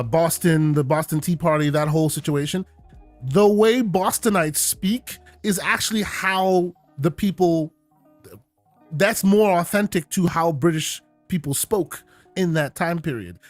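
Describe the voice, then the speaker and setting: A man's voice: fairly high pitch, no echo. A man co-hosting a casual gaming podcast, explaining things at length with lots of fillers. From United States. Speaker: podcast co-host.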